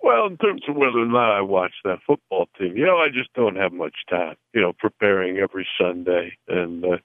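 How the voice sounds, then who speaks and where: A man's voice: sits low, expressive, brisk, dry recording. A man doing a rambling phoned-in football coach. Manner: rambling, with folksy card-game analogies and many "you know"s. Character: rambling, self-praising middle-aged male football coach. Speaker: caller doing a comedy impression. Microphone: telephone. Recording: tinny phone line.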